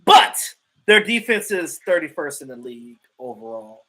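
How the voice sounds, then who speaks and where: A man with a notably high speaking voice hosts a casual football livestream. He talks in a loose, animated way, full of profanity and trash talk. He stammers and restarts his sentences often. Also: normal speed, poor audio. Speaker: livestream host.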